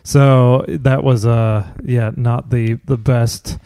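A man's voice: medium pitch, fairly even intonation, takes it slowly, gravelly, dark tone, no echo, studio quality. Wry American man telling a story. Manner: anecdotal, profane, wry storytelling. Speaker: podcast host and stand-up comedian. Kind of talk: casual podcast chat.

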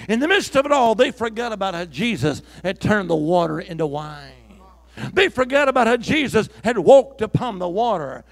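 A man preaching a sermon as pastor, calling out to the congregation, swinging from shouts to hushed whispers. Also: high-pitched, very animated, moderate pace.

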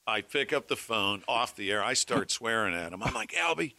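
A middle-aged man, a former weatherman and radio host, telling animated anecdotes among colleagues. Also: fairly low pitch, brisk. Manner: animated anecdote-telling, acting out phone calls. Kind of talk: casual storytelling among colleagues.

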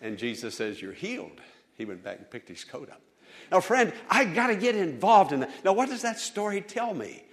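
A man delivering a Sunday sermon with fervor. His voice sits a little high and rises and falls dramatically, and he pushes to loud emphatic calls on his listeners. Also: very animated, moderate pace, a faint crowd. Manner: fervent, rising to loud emphatic appeals. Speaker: pastor.

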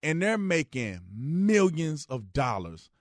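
A man hosting a radio talk show, giving casual joking opinion commentary, jumping between loud outbursts and low, quiet asides. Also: big pitch swings, slow pace, no echo, clean studio sound.

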